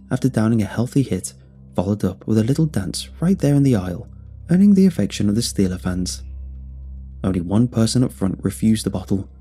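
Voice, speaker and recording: A man telling a first-person horror story in measured scripted narration. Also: on the low side, warm tone, breathy edge. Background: faint music.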